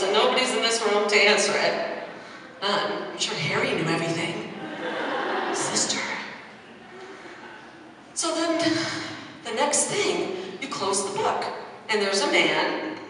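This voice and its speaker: A middle-aged woman telling stand-up comedy stories, animated and acting out scenes with quoted voices. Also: a little high. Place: comedy club stage. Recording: echoey hall from far off, noisy.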